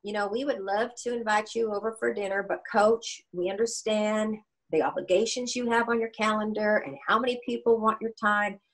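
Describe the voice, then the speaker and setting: A woman in her sixties voicing her soft-spoken, kind husband with a Southern US accent, gentle and unhurried. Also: medium pitch, steady tone, close to an everyday voice, poor audio.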